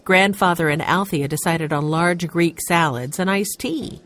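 Expressive woman reading a storybook. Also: on the low side, a little slow. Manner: expressive, voices the characters. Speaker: audiobook narrator. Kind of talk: storybook narration.

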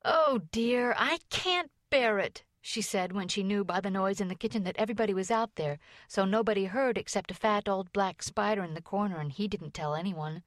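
A woman reading a children's storybook aloud in even, gentle scripted narration. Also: mid-range voice, fairly quick, hardly any pauses, no echo, clean studio sound. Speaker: audiobook narrator.

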